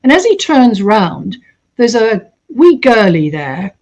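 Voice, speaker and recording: Female host narrating a true story in a casual tone, with a slightly high voice, acting out the quoted voices. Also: takes it slowly. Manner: animated, acts out quoted voices.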